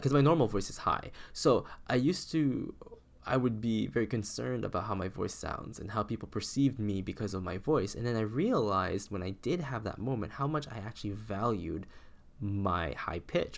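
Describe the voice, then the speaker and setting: A young man talks through a loose, meandering solo podcast monologue, doubling back on himself mid-sentence. Being sick has pushed his voice down into a low, gravelly register full of fry. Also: expressive, moderate pace. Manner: meandering, self-interrupting, with frequent restarts. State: sick, voice lower than usual. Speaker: podcast host.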